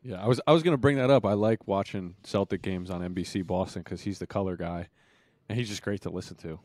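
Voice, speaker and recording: A man's voice: sits low, fast, a little mellow, no room sound. Laid-back male podcast co-host, dry sound. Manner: laid-back, reacts with laughs and slang. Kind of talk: casual chat.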